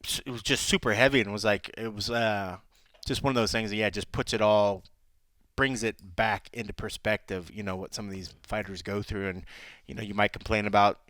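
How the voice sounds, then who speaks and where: Man, podcast co-host, lowish voice, chatty and loose, dry close sound. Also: fairly even intonation, fairly quick, fairly bright tone, no echo. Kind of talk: casual MMA podcast talk.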